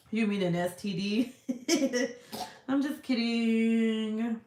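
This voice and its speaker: A woman's voice: a little high, drawn-out words, dark tone, reverberant, slight background noise. A woman hosting a casual livestream, reading viewer comments aloud in a rambling, profane, giggly way. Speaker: livestream host.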